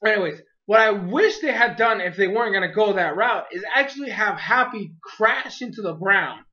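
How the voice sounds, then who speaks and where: A bright, sharp-toned voice of an anime reviewer chatting casually through an episode. The talk is loose and peppered with "like", and it swells into animated retellings of the scenes. The recording sounds dull and lo-fi. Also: medium pitch, normal speed.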